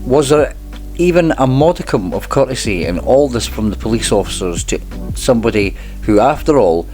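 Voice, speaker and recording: A man hosting a channel, reading a court transcript aloud at a measured pace and breaking in with dry, wry asides. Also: medium pitch, expressive, a little mellow, faint music behind.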